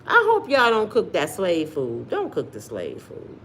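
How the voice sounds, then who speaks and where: A woman's voice: fairly low pitch, a little slow, slight background noise. A middle-aged woman with an African American accent, giving sassy live-stream commentary and talking straight to her viewers. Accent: African American English. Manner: animated and sassy, addresses viewers directly. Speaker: commentary vlogger reading live chat.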